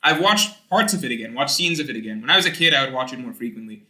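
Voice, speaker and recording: Young man, streamer, casual rambling chat, very bright voice, roomy echo. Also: medium pitch, fast talker. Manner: rambling, animated, swears casually.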